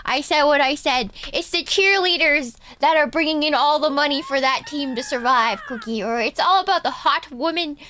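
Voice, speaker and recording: A woman's voice: high-pitched, moderate pace, hardly any pauses, pushed and bright, slight background noise. A woman from Texas who streams, chatting casually with viewers, thanking donors and breaking into song.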